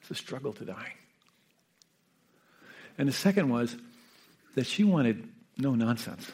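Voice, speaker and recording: Man, gravelly voice, husky, gentle unhurried storytelling, checks in with listeners. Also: mid-range voice, expressive. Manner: gentle, unhurried, often asks "Yeah?" and "you know". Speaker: meditation teacher and hospice caregiver. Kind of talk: reflective storytelling talk.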